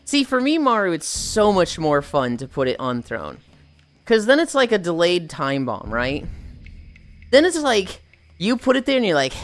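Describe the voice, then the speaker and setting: A woman streams from home indoors, casually chatting with viewers, reading chat aloud, joking and swearing, and groaning now and then as she stretches. Her voice is lowish and sing-song, at a moderate pace.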